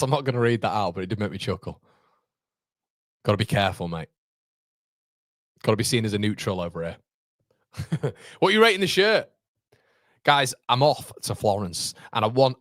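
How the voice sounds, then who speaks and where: A man hosting a live football watchalong. He is excitable and shouts at the players one moment, then chats easily with viewers using British slang like mate and lads. His voice sounds dry and close, with no room around it. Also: lowish voice, no room sound. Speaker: live-stream watchalong host.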